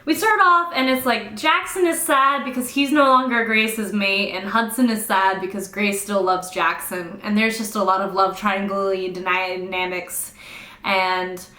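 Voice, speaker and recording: A young woman casually recapping a novel with sarcastic, fast-talking, swear-heavy humor. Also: mid-range voice, steady tone, bright, forceful tone. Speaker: book reviewer. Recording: roomy echo.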